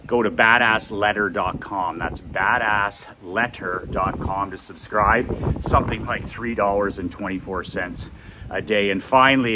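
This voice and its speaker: A man with a low, deep voice delivers a pushy, repetitive motivational pitch while walking outside. Steady outdoor noise and passing traffic sit clearly behind him. He hammers each point home. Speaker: host. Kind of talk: walk-and-talk sales pitch.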